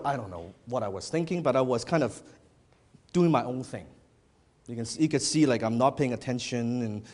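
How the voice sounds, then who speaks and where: A male business speaker addressing a live audience, his pitch swinging widely as he tells his stories. He talks bluntly, swears casually and repeats phrases for emphasis. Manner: animated storytelling, blunt and profane, repeats phrases. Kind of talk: motivational talk to a live audience. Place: event hall before an audience.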